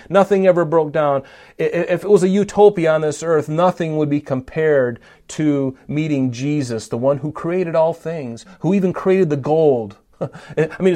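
A man's voice: mid-range voice, warm tone. A man preaching a Bible-teaching sermon, emphatic, often saying "notice" and asking his listeners questions.

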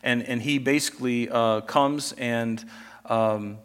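A man's voice: mid-range voice, fairly even intonation, slow pace, clear, resonant tone. A man preaching a sermon in a conversational style, acting out scripture scenes as he retells them. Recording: reverberant hall.

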